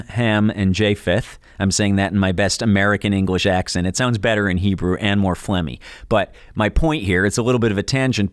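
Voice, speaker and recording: Low-voiced man explaining earnestly. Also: no echo, clean studio sound. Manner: earnest, explanatory, wry asides. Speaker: co-host. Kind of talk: podcast teaching conversation.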